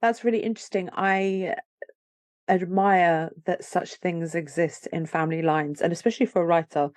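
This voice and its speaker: Eager woman host, low voice, dry sound. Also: fairly even intonation, normal speed, darkish tone, no room sound. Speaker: podcast host. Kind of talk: casual interview chat.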